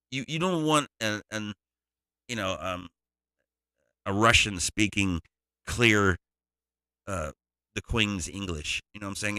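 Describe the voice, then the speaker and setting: A man's voice: deep voice, pushed and bright, no room sound. A man, a music producer, giving a loose, digressive tutorial walkthrough.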